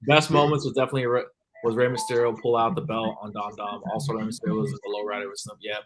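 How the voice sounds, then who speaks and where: A man's voice: fairly low pitch, level tone, quick pace, poor audio. Hesitant man hosting over crowd noise. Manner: hesitant, reads viewer comments, many ums. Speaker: livestream host. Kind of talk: casual wrestling chat. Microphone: video call.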